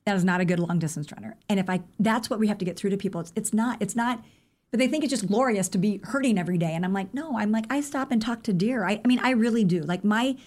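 A woman guest on a podcast, a running coach telling stories in a casual, animated way, filled with "like" and "I mean.". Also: mid-range voice. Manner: animated, acts out quoted dialogue; rapid, chatty with many fillers like "like" and "I mean". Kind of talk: casual interview storytelling.

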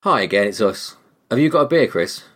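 A man's voice: lowish voice, fairly quick. A man hosting a casual film podcast, leading the talk and laughing often. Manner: lively, laughs often, leads the segments. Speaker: podcast host.

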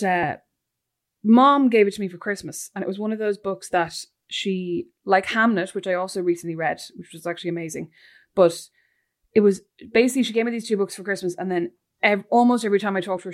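Fast-talking animated woman podcaster. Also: mid-range voice. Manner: animated, tells stories with lots of "like". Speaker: podcast co-host. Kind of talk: casual chat.

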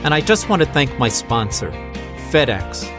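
Male host, upbeat promo read, medium pitch, music bed underneath. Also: big pitch swings, normal speed. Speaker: podcast host and interviewer. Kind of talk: scripted introduction and interview.

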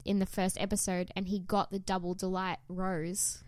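A young woman co-hosting a podcast, giggly and animated, swearing freely and saying "like" often. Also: medium pitch, normal speed, crowd noise. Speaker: podcast co-host. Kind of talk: casual chat.

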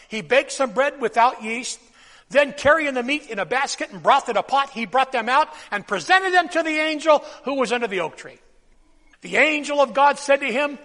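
A man preaching a sermon, swinging from loud bursts to hushed drops and having the congregation repeat phrases after him. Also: very high voice. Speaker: pastor. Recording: long hall reverb.

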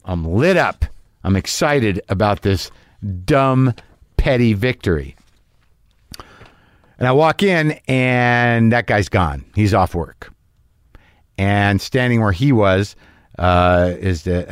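A man's voice: lowish voice, expressive, slow, clear, resonant tone, no room sound, studio quality. A middle-aged man hosting a podcast, telling a comic story in a rambling, self-mocking way with sudden exasperated, profane outbursts. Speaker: podcast host.

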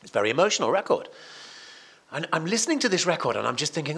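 Guesting on a podcast, a radio presenter and songwriter tells a story casually but with animated emphasis, often restarting and repeating himself. His voice is fairly high and slightly rough, and he speaks very fast.

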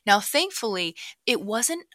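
A woman in her thirties hosting a podcast from her basement office, telling a personal story in a chatty way with many fillers and hushed asides. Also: a little high, big pitch swings, measured pace, dry recording, clean studio sound. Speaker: podcast host. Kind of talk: casual solo podcast storytelling.

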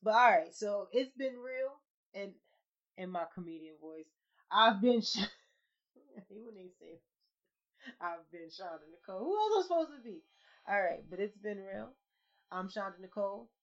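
Loud laughing woman podcast host. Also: medium pitch, animated, moderate pace. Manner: loud, laughing, swearing slang banter. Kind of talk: casual podcast chat. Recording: slightly dull lo-fi podcast audio.

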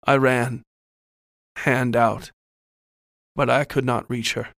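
A man's voice: mid-range voice, level tone, slow pace, gravelly, a bit bright, no echo, studio quality. A man reading a first-person horror story in a scripted narration style.

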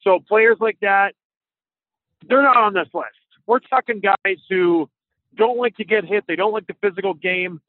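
High-voiced man on a tinny line. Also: moderate pace, no room sound. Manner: playful, rambling banter. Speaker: podcast co-host. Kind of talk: casual sports podcast chat. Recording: dry, tinny phone-like line.

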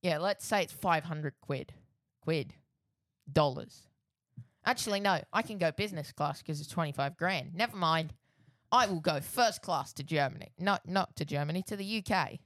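A man's voice: on the high side, moderate pace, fairly bright tone, no room sound, clean studio sound. An Australian man co-hosting a podcast in casual chat, rambling and correcting himself as he goes. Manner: rambling, self-correcting, laughs easily. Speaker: podcast co-host.

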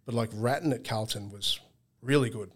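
A man's voice: mid-range voice, normal speed. A man in a casual podcast chat, explaining team performance at length, often restarting sentences, with a dry sense of humor. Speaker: guest analyst on team performance.

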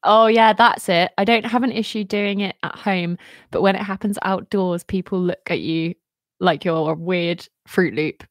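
A woman's voice: fairly low pitch, steady tone, moderate pace, dry recording, clean studio sound. A woman co-hosting a podcast in casual chat, laughing often. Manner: giggly, chatty. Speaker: podcast co-host.

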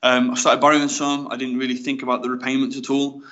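A young man with a Black Country accent talks fast and frankly, telling his story as a podcast guest. His delivery is chatty and full of fillers. The recording sounds slightly dull and lo-fi. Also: medium pitch, little pitch movement, fairly bright tone. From West Midlands, England. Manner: chatty and frank, with many fillers like "mate" and "you know". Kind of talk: casual storytelling in a podcast interview.

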